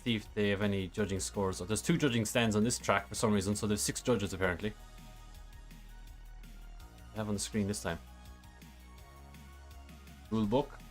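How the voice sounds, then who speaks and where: A man's voice: fairly low pitch, steady tone, moderate pace, pauses often, faint music behind. A man streaming a driving game, reading chat questions and explaining a track in a casual, rambling way. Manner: casual, rambling, many fillers. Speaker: sim racing streamer.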